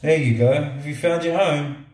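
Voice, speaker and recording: A middle-aged man casually reviewing a toy robot at a table, relaxed and joking, talking to it like a pet. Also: a little high, moderate pace, reverberant. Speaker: product reviewer. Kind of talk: casual product review vlog. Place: indoors at a table or counter.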